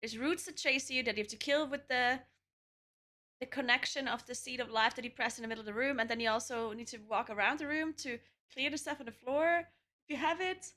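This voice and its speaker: Bright-voiced woman streamer thinking aloud. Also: a little high, steady tone, fairly quick. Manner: chatty, thinking aloud, laughs often. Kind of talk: casual live-stream chat while gaming.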